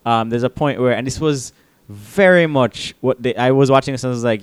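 A man's voice: mid-range voice, moderate pace, clear, resonant tone, no echo. A man co-hosting a podcast, casually discussing a film and acting out its scenes as he retells them. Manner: animated retelling with acted-out quotes. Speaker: podcast co-host.

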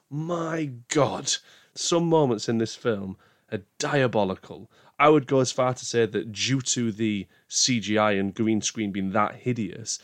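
Male film reviewer, lower register, chatty and emphatic, flashes of outrage. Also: no room sound, studio quality. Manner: emphatic, with bursts of exasperated outrage. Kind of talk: casual spoken film review.

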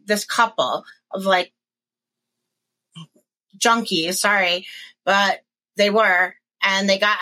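Bright-voiced woman telling a frank story. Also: mid-range voice, poor audio. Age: 40s. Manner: candid, profane, rambling with restarts. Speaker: podcast co-host. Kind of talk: casual chat, personal storytelling.

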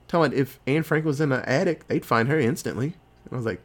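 A man with a fairly high voice retells a horror movie plot for his podcast. He acts out the characters' lines as he goes and swears casually. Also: fast. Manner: animated storytelling with quoted voices, swearing. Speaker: podcast co-host.

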